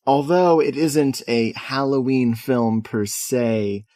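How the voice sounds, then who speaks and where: A man's voice: medium pitch, slow, warm tone, no room sound, studio quality. A man co-hosting a casual movie podcast, talking in a joking, sardonic way. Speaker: podcast co-host. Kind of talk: casual movie review chat.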